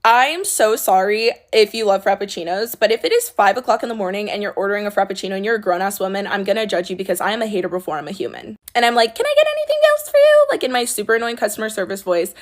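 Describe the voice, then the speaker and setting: A young woman in a casual storytime, speaking at a middle pitch. She is blunt and sassy, and she swears freely as she tells it. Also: fast, hardly any pauses. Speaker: former coffee shop worker.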